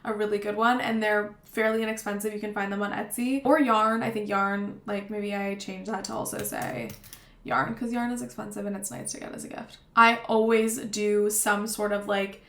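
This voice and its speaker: A woman's voice: mid-range voice, moderate pace, fairly bright tone. Chatty woman in a roomy space. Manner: chatty, rambling, lots of fillers. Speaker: vlogger. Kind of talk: casual gift-guide talk to camera. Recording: roomy echo.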